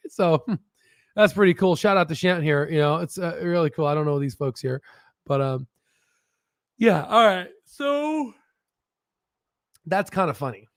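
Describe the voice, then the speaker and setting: A man's voice: sits high, a bit bright, no echo, clean studio sound. A man hosting a stock research channel, explaining in a rambling, profane, casual way and laughing at his own jokes, talking from a standing desk.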